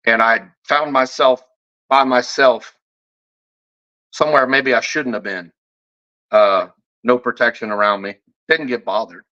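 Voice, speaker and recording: A man's voice: mid-range voice, a little slow, long pauses, pushed and bright. Brash man ranting on a dull lo-fi recording. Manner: profane, combative, heavy swearing; repeats and restarts words when heated. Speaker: fragrance reviewer. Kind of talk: off-the-cuff vlog rant. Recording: dull lo-fi audio.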